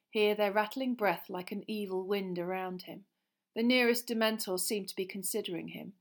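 A woman reads a fantasy novel aloud at a middle pitch. Her narration is tense and expressive, and it builds suspense line by line. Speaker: audiobook reader. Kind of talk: dramatic storybook narration.

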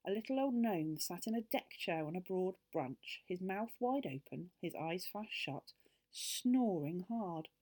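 Low-voiced woman reading a storybook. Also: expressive, unhurried, darkish tone. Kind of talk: reading a children's book aloud.

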